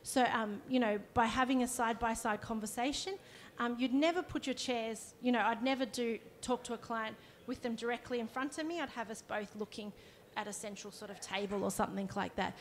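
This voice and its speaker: A woman's voice: fairly high pitch, brisk. A woman, a counsellor giving a conversational workshop talk and demonstrating as she explains. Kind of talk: live presentation to an audience.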